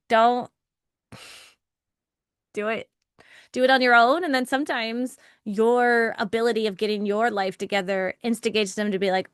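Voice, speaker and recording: A woman's voice: a little high, normal speed, a bit bright, no echo, clean studio sound. A young adult woman leading a live intention-setting workshop, talking conversationally, answering participants' chat messages and laughing often. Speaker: workshop facilitator.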